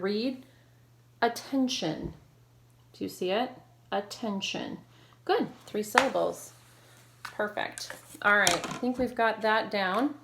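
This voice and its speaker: A woman's voice: mid-range voice, background noise. A woman teacher leading a recorded reading lesson for children, prompting syllables and praising each answer.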